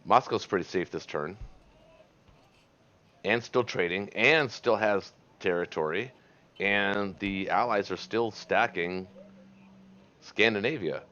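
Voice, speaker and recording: Deep-voiced man musing over a board game. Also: slow pace, long pauses, bright, forceful tone, lo-fi sound. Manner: reflective, advising, chuckling. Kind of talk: casual chat over online game.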